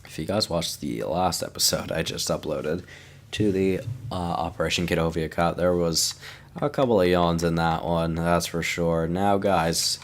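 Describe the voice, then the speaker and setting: A man's voice: deep voice, unhurried. A young man casually commenting on his hockey video game franchise, tired and yawning, chatting to his viewers. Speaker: gaming YouTuber.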